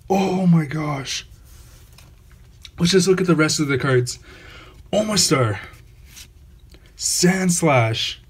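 This man's voice is a little high and husky as he opens trading card packs on his own channel. The commentary stays casual and full of awe, with exclamations repeated over and over.

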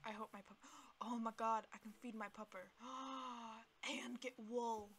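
A young woman casually commentating her own gameplay, playful and talking to herself in cutesy baby words, with sudden gasps and shouts. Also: on the high side, fairly even intonation, a little slow, a little hiss or hum. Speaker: gameplay video creator.

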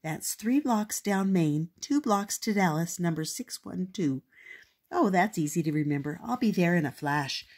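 An older woman voicing a busy adult woman in a storybook, brisk and upbeat. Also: lowish voice, animated, darkish tone, breathy edge.

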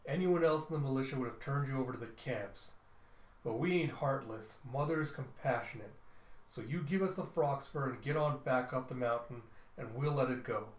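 A man voicing a gruff militia soldier who hands out a threatening warning, in an echoey room. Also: mid-range voice, normal speed, lightly acted.

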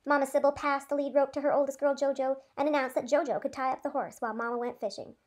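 High-pitched female teacher narrating a storybook with lively expression. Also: fast talker. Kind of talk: reading a story aloud.

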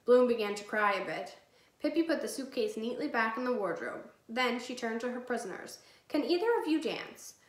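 A woman's voice: a little high, fairly quick. Woman teacher reading a story aloud. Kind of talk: reading a chapter book aloud. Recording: echoey room.

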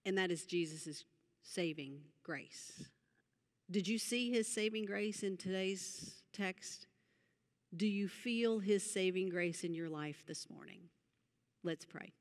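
Woman preaching in a reverberant hall. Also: takes it slowly. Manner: earnest, rises for emphasis then drops low and soft. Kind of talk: sermon. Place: church hall.

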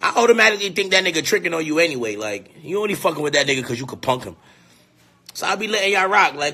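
A man's voice: a little high, animated, fast talker, husky. A man delivering a crude, brash ranting monologue to camera. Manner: brash, crude, loud and often laughing. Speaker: vlogger.

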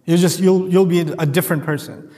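Guy doing a quran lesson, high voice, super animated, acts out voices, big echoey hall. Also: fairly quick. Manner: animated, acts out voices and quotes Arabic verses. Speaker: Quran teacher. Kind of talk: lecture-style Quran commentary.

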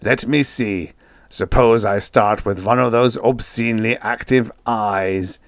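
A man voicing Wonk, a huge, slow, armored alien who talks in a rumbling, ponderous way about revenge. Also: no echo. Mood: brooding.

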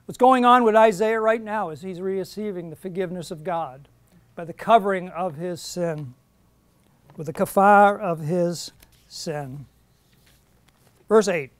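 Middle-aged male Bible teacher, higher voice, earnest lecture, dry studio sound. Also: a little slow, pauses often, dry recording. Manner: earnest, emphatic on quoted verses.

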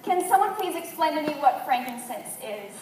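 A woman's voice: sits high, sing-song, moderate pace. A teenage girl playing a nagging, earnest cast member who keeps interrupting in a school chapel comedy skit. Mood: nitpicking. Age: teens. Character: nitpicking, overly sensitive female cast member. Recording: echoey hall, distant mic, crowd noise.

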